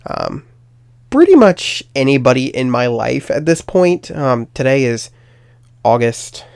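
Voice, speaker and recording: A man's voice: medium pitch, big pitch swings, unhurried, creaky, darkish tone, no echo, clean studio sound. A young man hosting his own podcast, telling a personal story in a rambling, self-deprecating way with lots of fillers. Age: young adult. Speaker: podcast host. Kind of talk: casual storytelling monologue.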